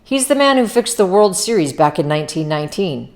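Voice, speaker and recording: A wealthy young man speaks in a polite, reassuring way while dodging the point, as a woman reading aloud puts him on. The voice sits low, close to a plain read-aloud. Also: sing-song, a little fast, darkish tone. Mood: smooth. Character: young rich man, smooth and evasive.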